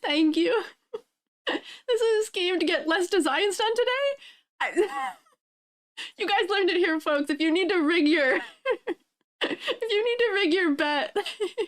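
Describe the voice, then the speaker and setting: A woman's voice: very high-pitched, a little slow, long pauses. A woman streamer chatting casually with viewers, laughing and crying happy tears as she thanks them. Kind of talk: casual live-stream chat.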